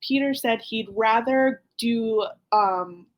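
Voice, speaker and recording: A high-voiced woman hosts a podcast in a loose, chatty way. She talks with lively energy and breaks into laughter often. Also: takes it slowly, muffled recording. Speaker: podcast host. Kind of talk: casual recap chat.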